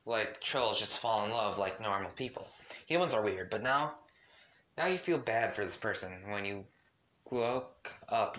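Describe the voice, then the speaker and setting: At home, a man with a lowish but pushed, bright voice reads a second-person fan story, his voice shaky from the cold. He stumbles and adds chatty asides, recorded on a home mic in a cold room.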